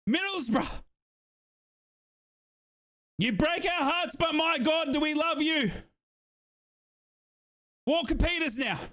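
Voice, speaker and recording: A young man from Australia giving excited, breathless live commentary on a football match as a fan streamer, shouting and chanting along. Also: very high-pitched, slow, pauses often.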